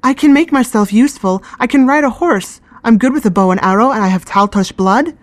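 A woman's voice: on the high side, big pitch swings, a little slow, breathy edge, dry recording, pitched above the performer's own voice, heavily acted. A woman voicing an anxious, stubborn teenage girl who pleads and insists, close to tears. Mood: pleading.

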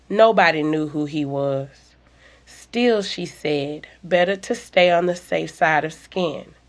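A woman reading a story aloud in a measured, deliberate, low-key narration.

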